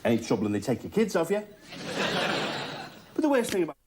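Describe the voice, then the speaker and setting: Sardonic comedian. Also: male voice, fairly high pitch, huge pitch swings, normal speed. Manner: sardonic, chuckling at his own jokes. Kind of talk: stand-up comedy monologue. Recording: noisy recording, laughter behind.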